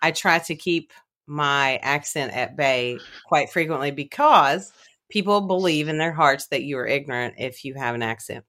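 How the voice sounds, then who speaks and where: A woman's voice: low voice, normal speed. A woman from Kentucky with an Appalachian accent, hosting a casual chat and laughing often. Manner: laughs often, warm teasing.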